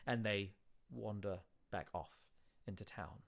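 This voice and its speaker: A man narrating a tabletop game as dungeon master, describing scenes in a relaxed way with filler words. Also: on the low side, slow, smooth.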